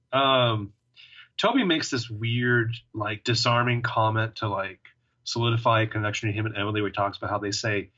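A man's voice: on the low side, fairly even intonation, normal speed, sharp tone, lo-fi sound. A man co-hosting a podcast in casual chat, joking and rambling with plenty of fillers. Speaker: podcast co-host.

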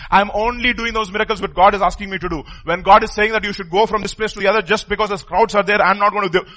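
A middle-aged man preaching a sermon, emphatic, repeating phrases and swinging between loud and soft. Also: high-pitched, low-quality recording.

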